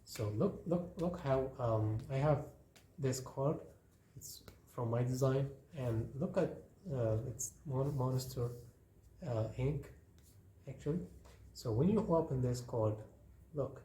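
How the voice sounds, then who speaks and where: Guy showing paper folds, slow easygoing talk, echoey room, a little hiss. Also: medium pitch. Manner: relaxed, repetitive, talking while folding paper. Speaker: craft tutorial host. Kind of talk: hands-on craft demonstration. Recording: roomy echo, faint noise.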